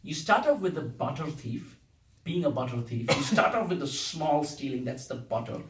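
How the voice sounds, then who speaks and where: A man's voice: on the high side, very animated, normal speed. A man giving a playful, humorous devotional class to a temple audience, laughing often and reciting verses. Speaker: preacher giving a Sunday class. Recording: echoey hall, distant mic, faint hiss.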